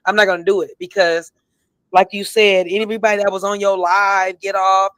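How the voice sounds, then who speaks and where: A woman's voice: medium pitch, flat delivery, a little fast, fairly bright tone, smooth, dry recording. A woman co-hosting a casual gossip show, talking bluntly and sassily, with emphatic repeats and a tipsy edge. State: tipsy, has been drinking. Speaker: co-host.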